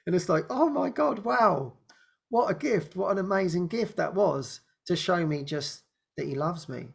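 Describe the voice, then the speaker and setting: A man with a somewhat high voice hosts an online spiritual talk show. He tells his story casually over a video call, rambling, laughing often, and sinking to a soft hush when he reaches the tender parts. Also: animated, normal speed, gravelly, slightly rough. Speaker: host. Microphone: video call microphone.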